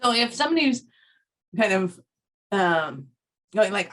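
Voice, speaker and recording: A woman's voice: mid-range voice, very animated, unhurried, pauses often, fairly bright tone. A woman from Canada hosting a casual interview, playful and teasing, laughing often. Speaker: interview host.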